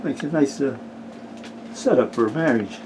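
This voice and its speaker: A man telling jokes in a folksy, unhurried way, pausing often with "uh". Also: medium pitch, noisy background. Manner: folksy, unhurried, with frequent "uh" pauses. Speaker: amateur joke teller. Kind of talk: casual joke telling.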